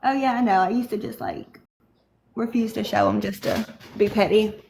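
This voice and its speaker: A woman's voice: mid-range voice, fairly even intonation, moderate pace, gravelly, darkish tone, slight background noise. A woman, proudly showing off her home in casual chat.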